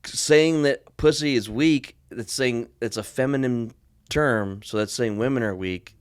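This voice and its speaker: A man's voice: mid-range voice, unhurried, smooth, no room sound, clean studio sound. A man co-hosting a podcast, chatting casually, joking and swearing freely. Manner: joking, swears freely, puts on silly accents. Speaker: podcast co-host. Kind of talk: casual chat.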